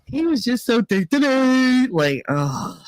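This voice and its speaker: A woman's voice: sits high, sing-song, slow, darkish tone, no echo. Profane storytelling woman. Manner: profane, storytelling, mimics others in quotes. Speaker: livestreamer reading chat. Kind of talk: casual chat. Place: away from home, traveling.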